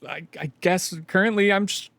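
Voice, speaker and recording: A man voicing an unsure traveling companion named Cloud, who talks in a halting, uncertain way. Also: mid-range voice, gravelly, a bit bright, dry recording, voice pushed up.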